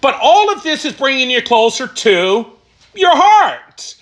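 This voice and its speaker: A middle-aged man telling his recovery story, emphatic and animated, asking questions and answering them himself. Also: very high voice, a little slow. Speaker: recovery speaker. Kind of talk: personal testimony talk.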